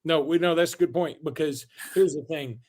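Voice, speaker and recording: A man's voice: a little high, normal speed, a little mellow. A man co-hosting a sports podcast, joking loosely and rambling with fillers, then reading sponsor ads in the same easy way. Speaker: podcast co-host. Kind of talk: casual sports talk with ad reads.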